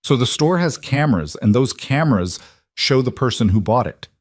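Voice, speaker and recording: A man voicing a dangerous male mafia boss who speaks in a cold, even, threatening way. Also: medium pitch, moderate pace, no room sound, studio quality, pitched above the performer's own voice, lightly acted. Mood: menacing.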